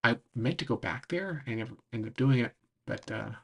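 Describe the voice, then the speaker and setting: Husky, gravelly man losing his voice. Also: medium pitch, expressive, a little fast. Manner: rambling, full of "like" and "um". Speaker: streamer. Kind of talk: casual recap while browsing a map.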